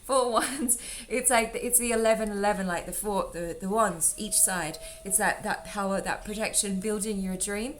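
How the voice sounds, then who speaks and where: A woman with a mid-range voice speaks at a moderate pace as a tarot reader, giving viewers a casual, rambling reading. She affectionately calls them sweetheart and darling while faint drum music plays underneath.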